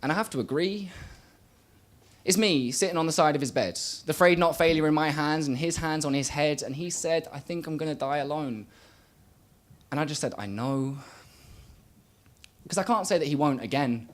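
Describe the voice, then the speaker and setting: Young male spoken word poet on a small stage; rhythmic, shifts from loud bursts to near murmurs, slightly high-pitched. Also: moderate pace. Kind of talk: live spoken word performance. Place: small live venue stage.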